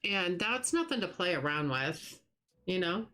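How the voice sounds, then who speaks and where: A middle-aged woman with a voice on the low side talks a little slowly yet very animatedly while hosting a livestream. She plays and chats casually and sympathetically with her audience, sounding warm and chatty with restarts.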